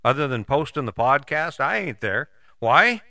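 A man's voice: medium pitch, very animated, moderate pace, pushed and bright, slight background noise. A man in his sixties hosting a podcast, giving a blunt, folksy motivational monologue with casual swearing. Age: 60s. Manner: blunt, folksy, swears casually, jumps between voices for imagined people. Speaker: podcast host.

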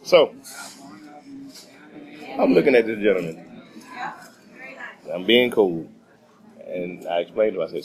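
Middle-aged texas guy spinning a funny story on the radio, lowish voice, laughs a lot. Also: normal speed, pauses often, low-quality recording. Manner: animated, laughs often, acts out scenes. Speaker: guest. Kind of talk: casual storytelling.

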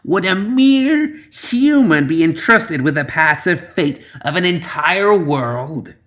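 A man voicing an ancient, bitter, crooked witch of fate with a rasping voice. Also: on the high side, animated, slow, fairly bright tone, voice pushed up. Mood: scornful.

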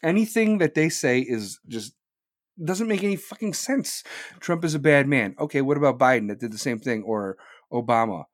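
A man hosts a live podcast in a heated, profane rant, firing one rhetorical question after another. His pitch leaps up and down with real animation. The sound is close and dry. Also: expressive, moderate pace, no room sound. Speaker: podcast host.

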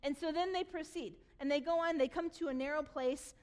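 Woman pastor, high voice, animated sermon storyteller who reads scripture then retells it with humor. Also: fairly quick.

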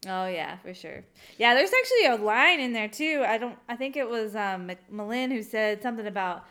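Bright-voiced giggly woman co-host. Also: fairly high pitch, expressive, a little fast. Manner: giggly, laughs often. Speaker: podcast co-host. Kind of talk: casual chat.

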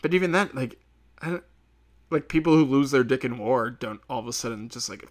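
A man rambling alone on his podcast, swearing freely, laughing at his own jokes and breaking into quick impressions of other people. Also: medium pitch, expressive. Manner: acts out quoted people in sudden bursts. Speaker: podcast host. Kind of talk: solo podcast rant.

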